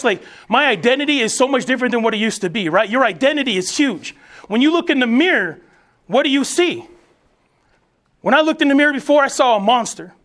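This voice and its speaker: A man's voice: high voice, fairly bright tone. A man around forty, a military veteran, giving an emphatic, preacherly motivational speech to soldiers.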